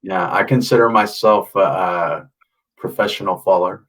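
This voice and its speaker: A man hosting a chat, talking in a halting way with many fillers. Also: deep voice, fairly bright tone, recorded from a distance. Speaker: interview host. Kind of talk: casual chat.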